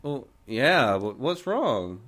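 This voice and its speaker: A man's voice: huge pitch swings, measured pace, bright, forceful tone, full character voice. A man putting on the voice of his mocking, teasing sister, in a raised, laughing tone. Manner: taunting, laughing, raised pitch. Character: mocking sister, young adult woman, teasing.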